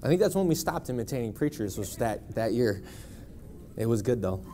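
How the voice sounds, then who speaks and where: A man's voice: mid-range voice, big pitch swings, a little fast, dark tone, slight background noise. A man in his thirties from Buffalo, New York, giving a personal testimony in church with a wry, conversational storytelling manner. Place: church sanctuary.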